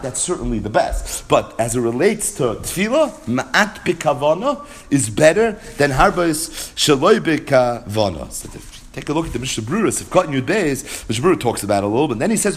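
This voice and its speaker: A man with a Yeshivish English accent teaching a Talmud lesson, retelling the story in an animated, sing-song study cadence. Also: a little high. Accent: American Yeshivish English with Hebrew-Aramaic terms. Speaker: Torah teacher.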